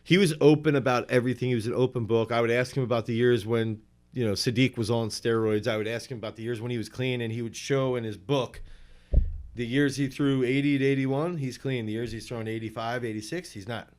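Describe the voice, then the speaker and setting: A man who coaches throwers, talking in a rambling, animated way in a relaxed podcast interview. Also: medium pitch, brisk.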